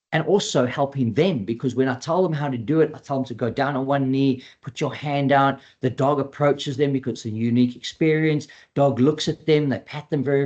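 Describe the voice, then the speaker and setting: A male dog trainer presents a webinar in an easy, conversational way. He is animated, acting out his clients and their dogs as he goes. His voice sits at an ordinary middle pitch. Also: breathy edge, dull audio.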